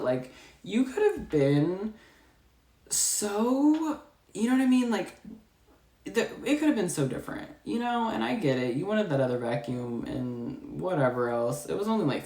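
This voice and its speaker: A young woman with a drawl tells a rambling storytime, her voice low and a little congested. She fills her talk with likes and you-know-what-I-means. The room around her rings with echo. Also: a little mellow. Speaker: storytime vlogger. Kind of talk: casual storytime chat.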